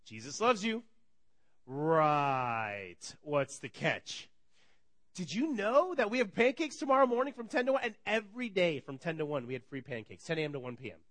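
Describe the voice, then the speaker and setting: Animated bright-voiced man preaching. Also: a little high, normal speed, no room sound. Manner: energetic storytelling, acts out dialogue, laughs often. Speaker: pastor. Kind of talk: sermon.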